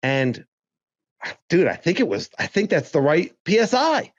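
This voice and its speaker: A man's voice: on the high side, wildly swooping pitch, measured pace, lo-fi sound. A man co-hosting a podcast in casual chat, joking and rambling with restarts. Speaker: podcast co-host.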